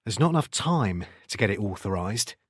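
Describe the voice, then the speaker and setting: A man's voice: on the low side, normal speed, breathy edge, dry recording, studio quality. A man doing a cool London detective. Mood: assured. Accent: London English. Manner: calm, reassuring. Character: hard-boiled male London detective, self-assured.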